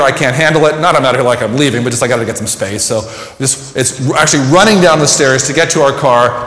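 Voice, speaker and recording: A man's voice: fairly high pitch, fairly bright tone. A man preaching a sermon, telling a personal story and reflecting in a conversational way. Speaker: pastor. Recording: echoey hall with long reverb.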